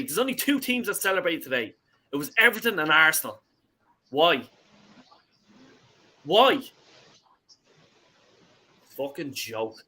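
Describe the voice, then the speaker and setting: A man's voice: a little high, pushed and bright. A man hosting a football call-in show, ranting angrily and swearing about his team. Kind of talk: heated football call-in chat.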